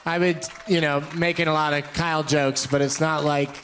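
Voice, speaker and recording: A man hosting a live comedy podcast from a club stage, his voice sitting a little high for a man. He teases the guests with quick jokes and laughs often. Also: level tone, a bit bright, a little hiss or hum. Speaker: podcast host. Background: live audience laughter.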